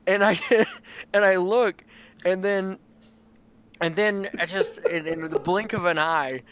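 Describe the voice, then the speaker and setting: A man's voice: high-pitched, slow pace, fairly bright tone, clean tone. A man co-hosting a podcast, rambling through an improvised absurd comic story with many restarts.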